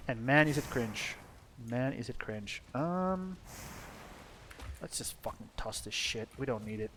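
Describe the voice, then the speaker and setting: A young Finnish streamer gives casual gameplay commentary, rambling, swearing, and talking to himself and his character as he plays a video game. His mid-range voice has lively intonation, a measured pace, and a fairly bright tone, with slight background noise.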